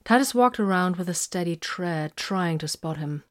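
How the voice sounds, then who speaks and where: A woman narrates a story in a measured, even audiobook read. Her voice sits fairly low for a woman, and the delivery stays controlled and steady.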